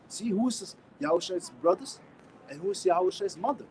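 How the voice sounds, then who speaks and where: German-accented man, street-preacher type, casual scripture talk, slightly high voice, faint noise behind. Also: lively intonation, a little fast, rough recording. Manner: casual slangy talk with many restarts, reads verses louder. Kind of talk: informal scripture teaching.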